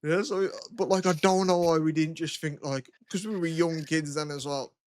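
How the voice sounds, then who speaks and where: A man's voice: on the high side, steady tone, moderate pace, dry recording. Young English man telling stories, laughing. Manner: storytelling, swearing, breaks into laughter. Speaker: podcast co-host. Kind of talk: casual chat.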